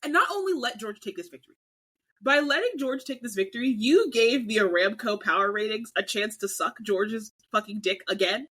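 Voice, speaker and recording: A woman's voice: medium pitch, moderate pace, fairly bright tone, husky, low-quality recording. A young adult woman co-hosting a casual podcast chat, ranting animatedly with mock outrage. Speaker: podcast co-host.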